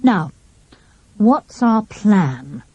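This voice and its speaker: A woman's voice: mid-range voice, big pitch swings, drawn-out words, a little mellow, breathy edge, dry recording, exaggerated voice. A woman voicing a confident, slightly boastful schoolboy detective in an audiobook, speaking in a self-assured way. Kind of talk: audiobook character voice.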